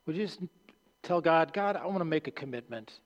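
A male pastor preaching a sermon, earnest and halting, restarting phrases and dropping low at the ends of lines. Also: lively intonation, muffled recording. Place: church sanctuary. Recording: long hall reverb.

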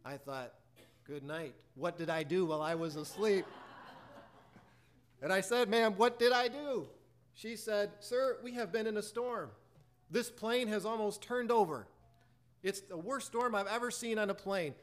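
A preacher telling a personal story in a sermon, acting out both sides of a conversation and reciting hymn lyrics. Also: male voice, sits high, unhurried. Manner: animated storyteller acting out dialogue.

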